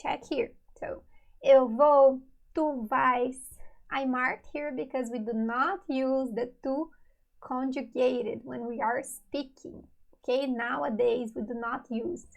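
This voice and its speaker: Woman, language teacher, high pitch, gravelly fry, slow patient delivery. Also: steady tone, highs cut off. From Brazil. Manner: slow, patient, repeats each example. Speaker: Portuguese teacher. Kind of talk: online language lesson.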